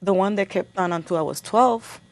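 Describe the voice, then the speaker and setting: A middle-aged woman giving a personal account as an interview guest, halting and repeating words as she remembers. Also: mid-range voice, no room sound.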